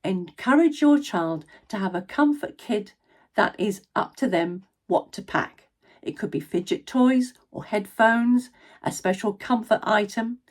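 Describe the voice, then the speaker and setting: A woman in her sixties, an ADHD and education coach and former drama teacher, giving parents practical advice in an expressive instructional talk. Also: mid-range voice. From Scotland. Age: 60s.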